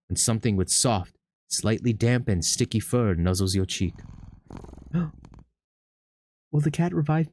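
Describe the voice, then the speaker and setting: A gaming streamer, a man, reading a text game aloud in a low dramatic voice and breaking into high, excited reactions. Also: moderate pace, pauses often, dry recording, studio quality.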